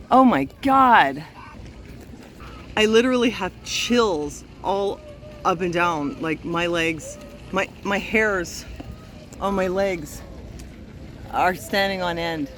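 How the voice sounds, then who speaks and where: Woman from Canada, casual travel vlogger, animated and gushing, phone mic outdoors with steady park noise behind. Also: medium pitch, rough recording. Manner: gushing, exclaiming, chatty. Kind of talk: casual walking vlog.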